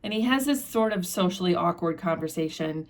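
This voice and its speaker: A woman hosting a book channel, retelling a classic novel in a relaxed, conversational way with fillers and restarts. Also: fairly low pitch, brisk. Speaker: book discussion host. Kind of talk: casual book summary with read quotes.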